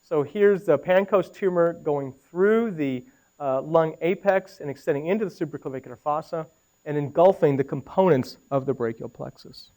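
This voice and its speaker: A man's voice: on the high side, moderate pace, dark tone, low-quality recording. A middle-aged man giving a radiology lecture, conversational and walking through the images, with anecdotes and questions to the audience. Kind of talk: medical lecture.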